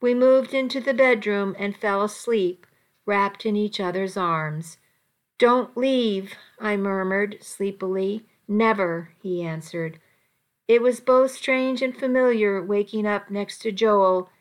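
A woman narrating a romance story in a soft, intimate reading voice. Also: mid-range voice, steady tone, measured pace.

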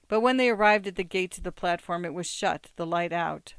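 A reader narrating a short story as an audiobook, measured and steady. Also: medium pitch, clean tone, dry recording.

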